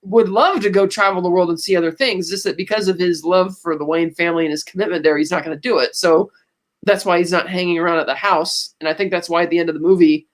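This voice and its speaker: A man's voice: high voice, fairly even intonation, fast talker. A man co-hosting a podcast in casual chat, retelling movie scenes and quoting the characters' lines along the way. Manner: frequent restarts and laughs while recapping. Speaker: podcast co-host.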